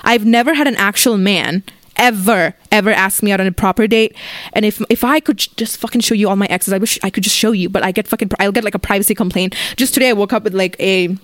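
A woman's voice: mid-range voice, quick pace, no room sound. A young woman vlogger telling a story-time rant in a blunt, rambling, profane way, full of fillers.

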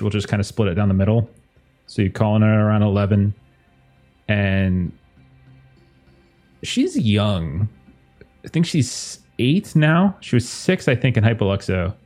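Low-voiced male game master, rambling. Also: a little mellow. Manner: casual, rambling with many fillers. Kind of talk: narrating a tabletop game.

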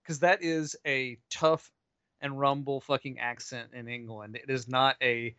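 A man's voice: mid-range voice, fairly even intonation, unhurried, bright, forceful tone, clean tone, no echo, muffled recording. A man co-hosting a movie podcast, chatting loosely with profane, laughing asides. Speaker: podcast co-host. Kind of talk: casual movie podcast chat.

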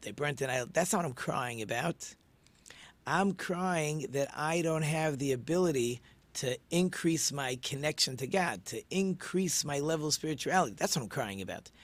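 A man's voice: a little high, a bit bright, no room sound. A man, a rabbi who hosts a short talk show, teaching in an earnest, casual way and often restarting his words. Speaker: rabbi and podcast host.

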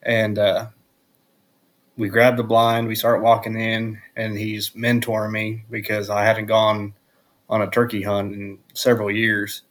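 Guy telling his hunt story plain and even, lowish monotone voice. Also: a little slow. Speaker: podcast guest. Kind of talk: casual storytelling.

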